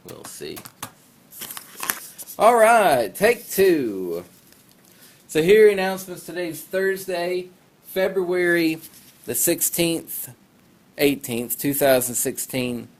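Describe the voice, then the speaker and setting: A man's voice: a little high, sing-song, slow pace, long pauses. A male teacher casually giving class announcements over a phone livestream, rambling and poking fun at himself. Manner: chatty, rambling, self-deprecating asides.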